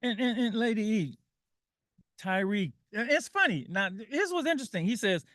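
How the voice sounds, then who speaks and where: A man with a high, bright voice hosts a call-in radio show. He talks in an animated way, reads quotes aloud and laughs often. The sound is dry and close on a studio mic. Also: normal speed, no echo.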